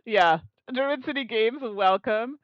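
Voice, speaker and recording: A young woman with a slightly high voice streams a solo board game, chatting through her moves with casual, self-mocking live commentary and laughing easily at herself. The recording is dry with no echo, and the highs are cut off.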